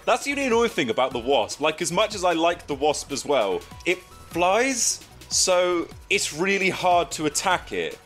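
A young English man chatting and joking through gameplay commentary, breaking into excited shouts, recorded at a home desk mic. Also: fairly high pitch. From England. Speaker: gaming YouTuber.

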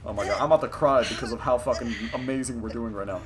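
A young man giving excited, profane live commentary while playing a video game and talking at his opponents. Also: medium pitch, fast, crowd noise. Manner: hyped, profane, talks to opponents on screen. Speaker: gaming streamer. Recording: game music behind the voice.

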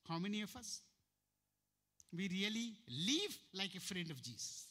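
Indian pastor guy preaching, high bright voice, keeps asking the crowd questions. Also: expressive, unhurried. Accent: Indian English. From Uttarakhand, India. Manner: emphatic preaching with repeated rhetorical questions; sudden sharp jumps in pitch and loudness. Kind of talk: sermon.

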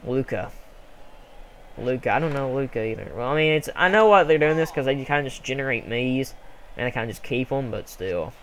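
A young man casually commenting on a sports video game he is playing, rambling and excitable with sudden yells. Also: medium pitch, brisk, slight background noise. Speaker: gameplay commentator. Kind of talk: casual let's play commentary.

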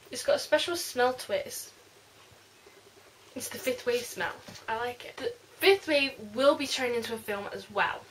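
A woman reviewing a book in a casual vlog, gushing and rambling excitedly. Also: fairly high pitch, a little hiss or hum.

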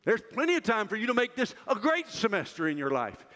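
An older man giving a loud, emphatic chapel sermon to university students in a large hall. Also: high voice, sing-song, quick pace. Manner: loud, emphatic preaching that drops to a soft, self-mocking aside. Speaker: university president speaking at chapel. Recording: reverberant hall.

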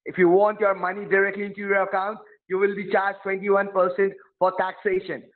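A man's voice: high voice, monotone, a little fast. A man playing a support agent on a phone call, pushy and threatening, repeating his demands over and over. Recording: tinny phone line.

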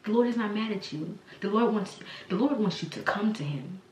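A woman's voice: mid-range voice, lively intonation, a little fast, darkish tone, recorded from a distance, slight background noise. A woman hosting a faith podcast, preaching in a rambling, conversational way with many fillers and restarts. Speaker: podcast host. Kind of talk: casual spoken sermon. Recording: echoey room, voice from the mic, faint ambience.

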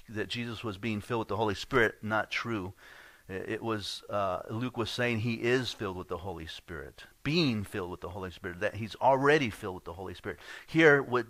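A male pastor giving a sermon in an earnest teaching tone, often clearing his throat and restarting phrases. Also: medium pitch, sharp tone, no echo. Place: church.

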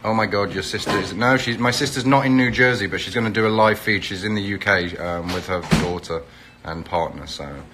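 A man's voice: on the low side, a little fast, noisy background. A middle-aged Englishman, chatting casually on a phone live stream, greeting viewers by where they are and promoting an event. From England. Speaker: reality TV personality hosting a live stream.

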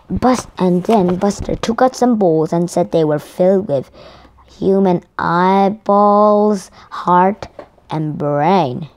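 A woman's voice: medium pitch, a little mellow. A woman whose first language is Korean, reading a picture book aloud with care and correcting herself as she goes. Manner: careful, with restarts and self-corrections. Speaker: storyteller.

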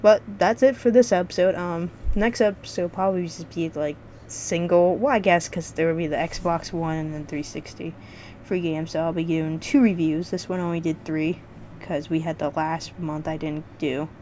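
A woman's voice: on the low side, fairly even intonation, moderate pace, dark tone, slight background noise. A woman vlogging casual game reviews, rambling and swearing freely with lots of restarts.

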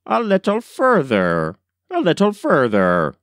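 A man's voice: medium pitch, very animated, slow, dry recording. A man reading aloud and voicing a wicked, scheming old male magician in a crafty, coaxing way, in a dry recording. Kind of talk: audiobook character reading.

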